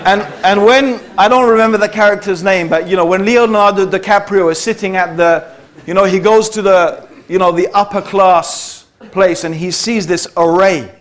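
British male speaker with a high voice, addressing a live audience in a chatty lecture style. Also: normal speed. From Britain. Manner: conversational, checks in with the audience. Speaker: speaker giving a talk to an audience. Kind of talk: public lecture.

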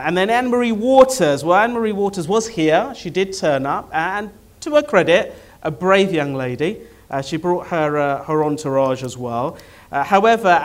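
Wry man chairing a debate, slightly high. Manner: wry, teasing, hesitant with many fillers. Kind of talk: comic introduction at a live debate.

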